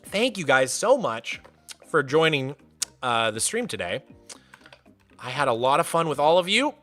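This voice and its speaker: An excitable young man hosts a casual game stream in a sharp, bright voice that swings widely in pitch. He greets viewers by name and keeps up a playful running chatter. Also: measured pace, faint music behind. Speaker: livestreamer and server host.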